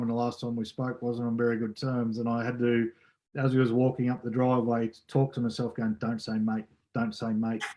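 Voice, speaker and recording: A man's voice: medium pitch, darkish tone. Blunt, joking Australian man. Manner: blunt, jokey, laughing. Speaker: podcast co-host. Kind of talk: casual chat.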